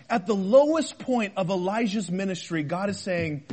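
A man preaching a conversational sermon as a pastor, asking the congregation rhetorical questions and swinging between loud emphasis and quiet asides. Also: sits high, moderate pace.

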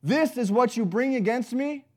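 An indignant God challenges his people with incredulous rhetorical questions, as a preacher plays him, in a much higher, louder voice than his usual speech. The tone is pointed and exasperated. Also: expressive, normal speed.

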